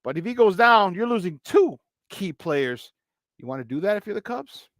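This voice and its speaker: A man hosting a sports talk show, reading the chat and chatting in an animated way, swinging between loud and soft. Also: high-pitched, moderate pace, no echo, clean studio sound.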